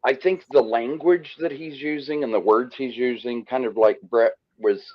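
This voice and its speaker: A man's voice: mid-range voice, moderate pace, dull audio. A man from Indiana calling in to a podcast, polite and friendly though a little hesitant. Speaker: caller. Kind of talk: call-in discussion.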